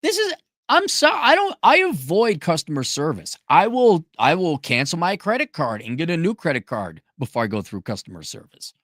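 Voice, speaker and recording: An exasperated man delivers a mocking, sarcastic rant. His pitch jumps around a lot, and the sound is dry and close with no room echo. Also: huge pitch swings, moderate pace, hardly any pauses, fairly bright tone. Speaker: commentary vlogger. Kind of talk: ranting commentary.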